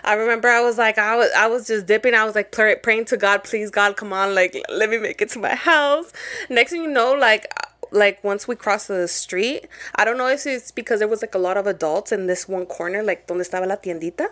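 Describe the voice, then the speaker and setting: A woman's voice: mid-range voice, steady tone, brisk, pushed and bright. A young woman co-hosting a podcast, telling a story in casual chat with lots of swearing and Spanish phrases mixed in. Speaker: podcast co-host.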